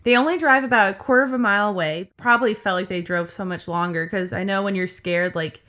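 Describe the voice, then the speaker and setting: Female podcast co-host, casual storyteller, bright tone, filler-heavy delivery. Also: medium pitch, fast. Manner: chatty, filler-heavy retelling with acted quotes.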